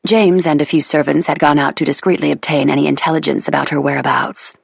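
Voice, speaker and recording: A woman narrating a historical romance audiobook with measured, even storytelling into a close studio mic. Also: sits low, creaky, slightly rough, no room sound. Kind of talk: scripted narration of a romance novel.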